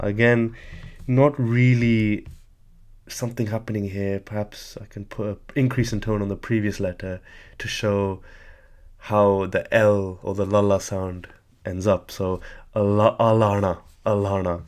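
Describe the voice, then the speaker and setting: A man's voice: fairly low pitch, a little mellow. A man teaching a language lesson, explaining patiently and methodically, often hedging with "sort of" while he writes examples on a board.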